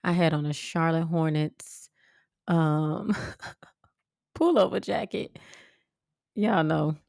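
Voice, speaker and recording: A woman podcast host telling a personal story in a blunt, profane, animated way. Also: low voice, slow pace, vocal fry, no room sound, studio quality. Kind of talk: casual storytelling monologue.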